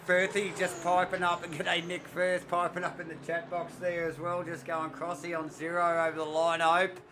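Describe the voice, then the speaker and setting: Breathless excitable race commentator, man. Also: sits high, moderate pace, a little hiss or hum. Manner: excitable, breathless, rambling with fillers. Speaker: sim racing commentator.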